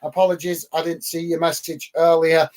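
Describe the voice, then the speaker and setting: A man's voice: a little high, little pitch movement, moderate pace, darkish tone. A middle-aged man from England hosting a live football watch-along, reading out viewer comments in a chatty, emphatic way, full of ums and uhs. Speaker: football channel host.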